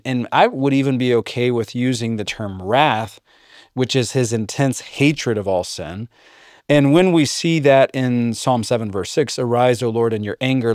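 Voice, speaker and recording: Man preaching over a dry close mic. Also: no room sound. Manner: reads scripture aloud, mimics listeners in jokey high voices. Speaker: pastor. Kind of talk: sermon.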